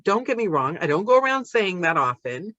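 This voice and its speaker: An American woman, an audiobook narrator, chatting casually on a podcast in an animated, rambling, self-deprecating way. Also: fairly low pitch, a little fast, dry recording, highs cut off. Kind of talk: casual chat.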